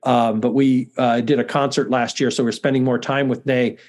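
His medium-pitched voice is a little mellow, delivered flatly at a moderate pace. A middle-aged university dean, he's a guest in an informal interview, self-deprecating and often beginning his sentences again.

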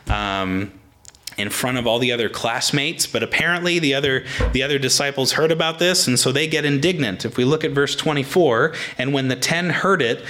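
A man gives a sermon in an easygoing, conversational manner. His voice sits at a middle pitch with a bright, forward edge. He talks plainly and often restarts his sentences. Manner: casual, plain-spoken, with frequent restarts. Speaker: preacher.

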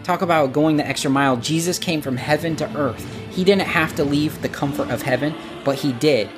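A man's voice: fairly high pitch, fairly quick, over music. Guy preaching a sermon, tells stories, voices the quotes as he goes. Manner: storytelling, acts out quotes with lively shifts. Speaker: pastor.

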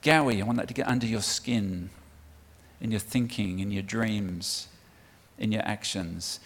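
This fairly low, unhurried male voice belongs to a preacher from the United Kingdom. He keeps his church sermon conversational and punchy, drawing the congregation into answering, while a large hall's long reverb surrounds him.

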